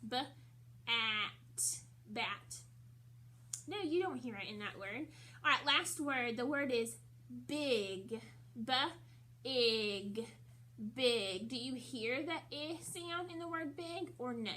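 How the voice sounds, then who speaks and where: A young woman teaching a recorded phonics lesson to first graders, drilling letter sounds slowly and repeating each word. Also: high voice, bright, forceful tone, a little hiss or hum.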